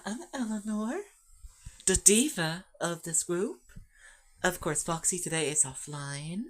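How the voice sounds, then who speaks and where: A woman voicing a glamorous, sassy trans woman diva who gushes in excited slang. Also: on the low side.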